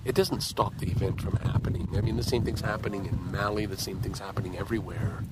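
A man hosting a show, delivering an angry, impassioned solo monologue full of halting restarts. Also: sits low, steady tone, very noisy. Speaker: show host.

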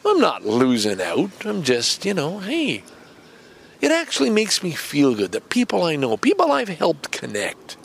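A man's voice: fairly high pitch, wildly swooping pitch, a little slow, gravelly, slight background noise. A middle-aged man hosting a podcast from a park bench, chatting in a rambling way and acting out both sides of an imagined conversation. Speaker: podcast host. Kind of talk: casual rambling monologue.

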